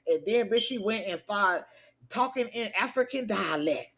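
A woman's voice: medium pitch, expressive, normal speed, fairly bright tone. A woman hosting a gossip podcast, reading out text messages with laughing, incredulous asides in casual commentary. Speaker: podcast host.

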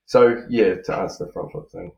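Deep-voiced New man, echoey room. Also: normal speed, vocal fry, dull audio. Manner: relaxed, rambling, many fillers and restarts. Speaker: podcast co-host, freestyle motocross rider. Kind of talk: casual podcast chat. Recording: roomy echo.

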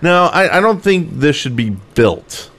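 A man co-hosting a casual gaming podcast, talking quickly with joking asides and stammering restarts. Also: a little high, very animated, creaky, a bit bright. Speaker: podcast co-host.

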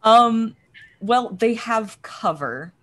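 A woman narrating a tabletop game as game master, describing scenes slowly with many ums and uhs. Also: fairly high pitch, animated.

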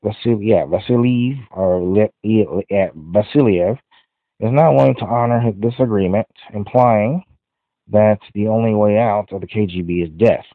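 A man's voice: lowish voice, moderate pace, no room sound. A man hosting a podcast, giving a casual, rambling movie review full of "you know" fillers. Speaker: podcast host. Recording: dry, phone-like audio.

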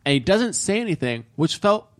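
A man's voice: high-pitched, normal speed. A young man co-hosting a podcast, chatting casually about a film and acting out its lines. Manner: animated, acts out movie lines in voices. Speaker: podcast co-host. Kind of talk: casual movie discussion.

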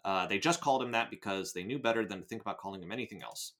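An American man co-hosting a podcast, chatting and reading a story aloud in an animated way, often repeating himself. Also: on the low side, rapid-fire, hardly any pauses. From United States. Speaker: podcast co-host. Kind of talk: casual chat and reading aloud.

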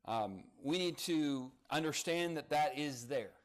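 Guy preaching sunday sermon, kinda high voice, earnest and emphatic. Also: animated, measured pace. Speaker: pastor.

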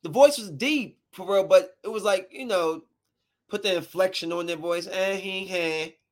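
A woman's voice: medium pitch, moderate pace, a little mellow. A woman in her thirties tells a heated personal story straight to her viewers. Her delivery is a fiery, slang-filled rant, emphatic and blunt from start to finish. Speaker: parent telling a story.

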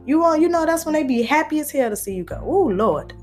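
Chatty woman vlogging, kinda high voice, faint guitar in back. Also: expressive, fast talker. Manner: chatty, playful, preachy. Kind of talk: casual chat to camera.

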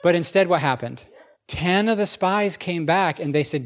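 A man preaching a sermon in a church, his voice sitting a little high for a man. He talks to the congregation like a conversation, asks them questions and acts out the people in his stories. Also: normal speed.

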